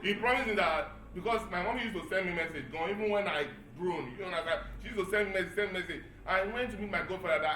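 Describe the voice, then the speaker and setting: A Nigerian man in his thirties doing stand-up comedy, animated and acting out voices as he tells a story to a live audience. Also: high voice, fast talker, hardly any pauses, roomy sound, a little hiss or hum. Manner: animated, acts out voices with Yoruba phrases. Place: event hall before a live audience.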